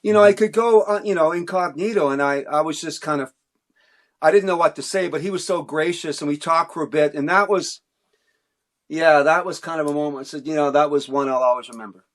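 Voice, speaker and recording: Middle-aged musician guy from cape breton, kinda high voice, rambles and restarts a lot. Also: brisk, fairly bright tone. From Cape Breton, Canada. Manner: rambling, self-interrupting storyteller. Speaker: musician guest. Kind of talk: casual interview storytelling.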